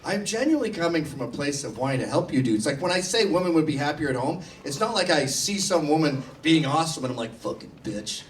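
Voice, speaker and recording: A man's voice: on the high side, animated, quick pace, hardly any pauses. A man giving a blunt, sardonic live speech to students in a university hall. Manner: sardonic, blunt, acts out mock quotes. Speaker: guest speaker. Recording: distant mic, faint hiss.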